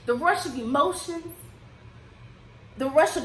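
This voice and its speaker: Woman vlogger, high voice, emotional and casual, echoey room recording. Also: lively intonation, measured pace, fairly bright tone. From United States. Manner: emotional, rising and falling with feeling, Southern-tinged casual speech. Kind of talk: impassioned personal vlog. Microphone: desk microphone.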